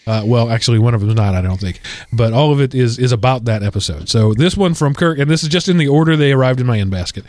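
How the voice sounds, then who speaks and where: A man's voice: medium pitch, lively intonation, fast talker, darkish tone, no echo. Rambling man reading listener mail. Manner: rambling, with many restarts and fillers. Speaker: podcast host. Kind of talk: casual chat, reading listener feedback.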